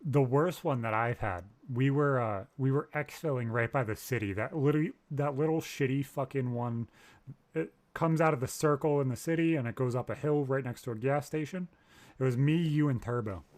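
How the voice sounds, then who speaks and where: A man's voice: medium pitch, brisk, a little mellow. A man in casual podcast chat, talking bluntly and swearing a lot. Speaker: podcast co-host.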